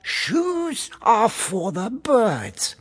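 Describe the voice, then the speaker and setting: A man voicing an excitable male parrot who repeats everything he hears, in an audiobook. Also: sits high, drawn-out words, a little hiss or hum, voice pushed up, full character voice. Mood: excited. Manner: squawky, repetitive, excitable. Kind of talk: audiobook character voice.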